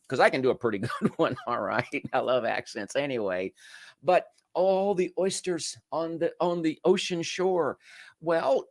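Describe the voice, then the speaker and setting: A man hosts a casual livestream with a lively, up-and-down voice that swings through a wide pitch range. He fires off rhetorical questions and answers them himself. He speaks to viewers in the comments, and the sound is close and dry, with no room echo. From United States. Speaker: livestream show host.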